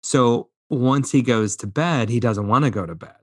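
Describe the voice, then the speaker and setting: A man in his thirties co-hosts a casual podcast and tells stories with animated energy, slipping into voices and laughing along the way. His voice sits at a middling pitch, and the recording is dry and close. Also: moderate pace, breathy edge, no echo. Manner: animated storyteller, acts out voices, laughs often. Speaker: podcast co-host. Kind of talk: casual chat.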